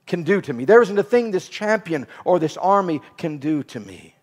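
A man's voice: a little high, big pitch swings, normal speed, few pauses. A man preaching a sermon with an emphatic, repetitive cadence. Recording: reverberant hall.

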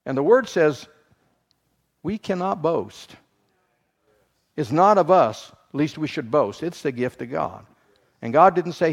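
A male pastor delivers a sermon in a slightly raised voice. He moves between slow, quiet teaching and loud, fast bursts, with humorous asides along the way. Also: fairly high pitch, lively intonation, vocal fry. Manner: dynamic preaching, swings from soft to loud and fast.

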